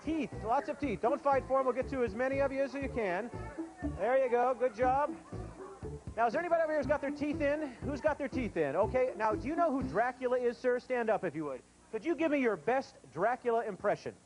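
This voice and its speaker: A man's voice: extremely high pitch, lively intonation, a little fast, over music, rough recording. Upbeat game show host man. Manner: upbeat, playful audience banter. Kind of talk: kids' TV game show hosting. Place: TV studio with live audience.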